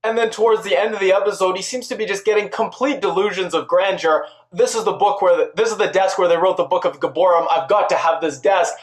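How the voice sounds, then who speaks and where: A man giving a casual spoken recap and review of a TV episode, chatty and quick to act out the characters' lines. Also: high-pitched, roomy sound. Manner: chatty, quotes characters in quick put-on voices.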